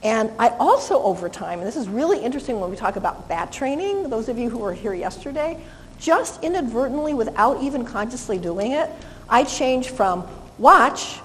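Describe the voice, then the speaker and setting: A woman's voice: on the high side, very animated, fairly quick, darkish tone, long reverb tail, a little hiss or hum, rough recording. A woman dog trainer teaching a live seminar, cheerful as she demonstrates with a dog and coos to it sweetly.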